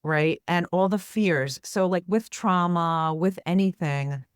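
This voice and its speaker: A woman's voice: fairly low pitch, slow pace, clean tone, dry recording, studio quality. A woman therapist speaking as a guest in an interview, explaining earnestly and often checking in with "right?". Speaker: therapist and author, podcast guest. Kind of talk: conversational interview.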